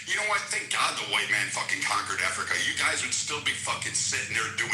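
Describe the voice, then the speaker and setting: A man's voice: medium pitch, lively intonation, fast talker, hardly any pauses, sharp tone, echoey room, soft background music, low-quality recording. Man in an angry, swearing rant. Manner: aggressive, mocking, heavy swearing. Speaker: debate participant. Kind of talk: profane heated rant.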